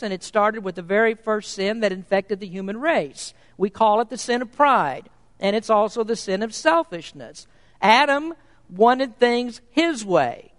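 A preacher delivering a sermon in an emphatic way, posing rhetorical questions and reading scripture in old-fashioned wording. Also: medium pitch. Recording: long reverb of a large hall.

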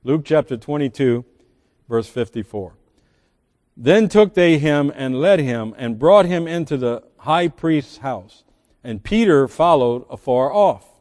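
A man's voice: mid-range voice, animated, measured pace, a little mellow. Preaching man in a reverberant church. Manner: preaching with emphatic swells and drops, reading scripture aloud. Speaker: pastor. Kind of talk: sermon. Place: large church sanctuary.

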